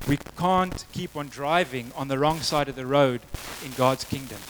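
A man's voice: mid-range voice, moderate pace, fairly bright tone, a little hiss or hum, poor audio. A man preaching a sermon, telling a story in a conversational way before moving to prayer. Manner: storytelling, conversational with acted quotes.

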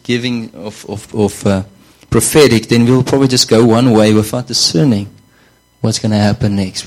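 A man's voice: lowish voice, rough recording. A man preaching a sermon in a conversational way, often repeating words and saying "you know".

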